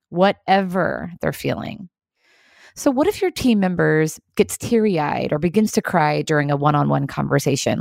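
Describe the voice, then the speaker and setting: A woman hosting a leadership video series, giving an earnest, encouraging, measured motivational talk. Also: sits low, vocal fry, a little mellow, no echo, studio quality. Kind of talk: scripted motivational talk to camera.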